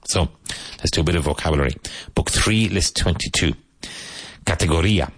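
A man hosting a radio-style English lesson, repeating words slowly and pointing out which syllable takes the stress. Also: low voice, slightly rough, no echo. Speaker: English teacher.

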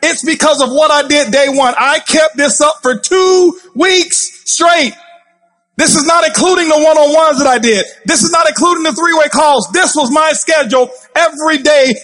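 A man giving a fired-up motivational speech from a stage, intense and passionate, yelling at the crowd. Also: very high-pitched, moderate pace. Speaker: motivational speaker. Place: stage before a live audience.

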